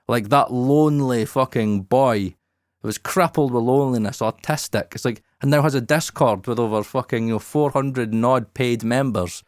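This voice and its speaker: Man in his thirties, podcast host, blunt and sweary, mid pitch, dry close studio mic. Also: a little fast, no room sound. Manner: profane, candid, animated. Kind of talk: casual podcast talk.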